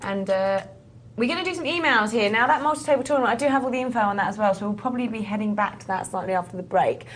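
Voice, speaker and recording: Female co-presenter, rapid chatty delivery, faint hiss underneath. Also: medium pitch. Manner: quick, chatty, reads emails aloud. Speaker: poker show presenter. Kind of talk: live on-air poker talk.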